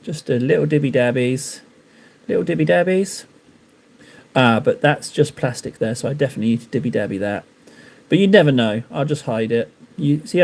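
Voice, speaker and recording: A Cornishman from England paints miniatures on a live stream, chatting casually, rambling and joking with his viewers. His voice is a little high and a little mellow.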